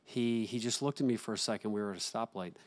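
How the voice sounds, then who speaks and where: Earnest low-voiced man telling his story. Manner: earnest, halting, with restarts and fillers. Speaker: interview guest, actor and author. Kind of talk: candid personal storytelling.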